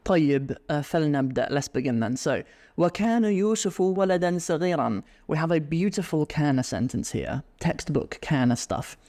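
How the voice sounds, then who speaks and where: A man teaching Arabic on a podcast, reading lines aloud and explaining them in a relaxed, chatty way. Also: mid-range voice, a little fast, few pauses. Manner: reads Arabic aloud then explains in English; chatty, with fillers and restarts. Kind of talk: podcast language lesson.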